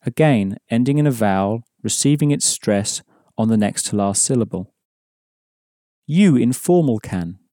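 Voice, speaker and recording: Male language tutor, mellow and steady, dry studio read, patient and explanatory. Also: mid-range voice, a little slow, no room sound. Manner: patient, explanatory, prompting the listener. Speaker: language teacher. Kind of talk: audio language lesson.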